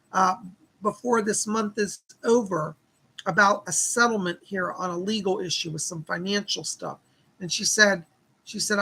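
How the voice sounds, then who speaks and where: A male psychic host giving live readings with a gravelly, husky edge and a bright, forward tone. He passes along spirit messages, repeating "she said" as he goes, and stops to thank viewers for their donations. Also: sits high, low-quality recording.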